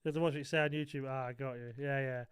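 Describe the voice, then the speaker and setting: A man's voice: mid-range voice, steady tone, very fast, clear, resonant tone, dry recording, clean studio sound. A man live-streaming a football video game, chatting casually and joking with his viewers. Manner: banters with chat, jokey, self-described moaner.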